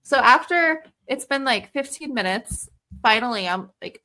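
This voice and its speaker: A woman's voice: mid-range voice, lively intonation, a little fast, bright, forceful tone. A young adult woman hosting a podcast, telling a story in casual chat and acting out her kids' voices. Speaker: podcast host.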